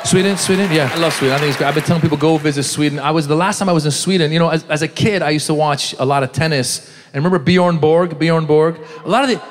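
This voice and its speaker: A man's voice: a little high, quick pace. A middle-aged man doing a stand-up comedy set on a club stage, quizzing the crowd and acting out characters. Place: comedy club stage before a live audience.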